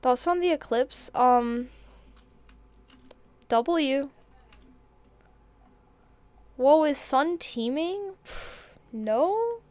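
A woman's voice: high-pitched, animated, drawn-out words, pauses often, a little mellow, no echo. A woman streaming a video game, chatting casually and reading out and answering her chat. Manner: chatty, reads chat aloud and reacts. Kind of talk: casual live-stream chat while gaming.

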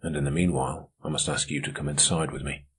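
Man voicing a gentle polite revolutionary, low quiet slow delivery, deep husky tone, audiobook. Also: steady tone, exaggerated voice. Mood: quiet firm.

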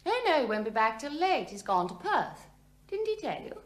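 An actress playing a restless, bored aristocratic lady, speaking in a breathy, languid, coaxing way in a 1970s television drama. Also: high voice, very animated, normal speed. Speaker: lady of a Scottish estate.

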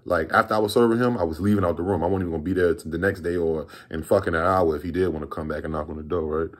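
A man in his thirties from Virginia rambles through a storytime vlog, relaxed and full of slang and swearing. His voice sits on the low side for a man. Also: rapid-fire. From Virginia, USA. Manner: rambling, laid-back, profane slang. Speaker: vlogger telling a story.

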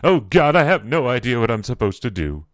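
A man's voice: mid-range voice, sing-song, soft background music. A young man giving sarcastic, mocking commentary over a video game playthrough. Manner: sarcastic, mocking, quick asides. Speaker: let's play commentator.

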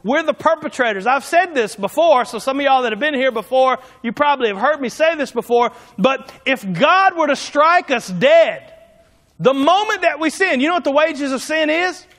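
A man's voice: very high-pitched, expressive, moderate pace, a bit bright, big-room sound. A man preaching a sermon in a folksy, emphatic way, driving his points home by repeating them. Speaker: pastor.

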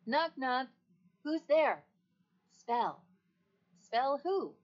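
A synthetic woman's voice playing a polite, playful female AI voice assistant, with a breathy tone and even, polished delivery. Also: sits high, extremely slow, full character voice. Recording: dull lo-fi recording of a device speaker.

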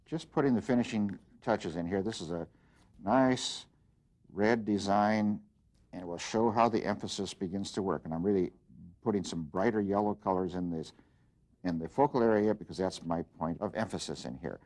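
A man teaching an art lesson, explaining design principles in an unhurried way as he works, with frequent pauses and restarts. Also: low voice, a little mellow. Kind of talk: demonstration lesson.

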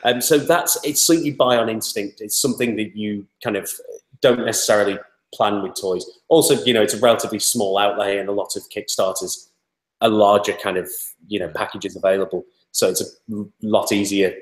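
A man's voice: lowish voice, fairly even intonation, a little fast, roomy sound. A man being interviewed, talking in a chatty, rambling way with many fillers. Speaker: interview guest, toy startup spokesman. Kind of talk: casual interview talk.

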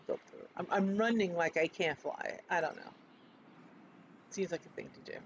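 A man's voice: high voice, moderate pace, dull audio, slight background noise. A man chatting casually with self-mocking asides while playing a game on stream. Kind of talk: casual gameplay commentary.

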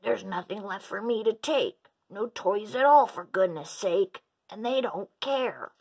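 A woman voicing the grabby Minosaur, shouting. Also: low voice, drawn-out words, vocal fry, slightly rough, full character voice. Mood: pleading. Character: greedy possessive young male dinosaur. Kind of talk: storybook read-aloud.

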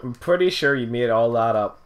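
A young man bantering over a video game, teasing his friend with deadpan insults. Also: mid-range voice, a little fast. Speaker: co-host commentating a let's play. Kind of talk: casual banter.

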